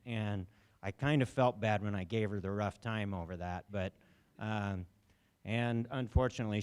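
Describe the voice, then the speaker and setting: A man speaks to a gathering in a lecture hall through a handheld microphone, his voice smooth and resonant. He tells stories in a relaxed way and slips into light impressions of others when he quotes them. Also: mid-range voice. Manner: storytelling, mimics voices in quotes. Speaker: emcee of a memorial service.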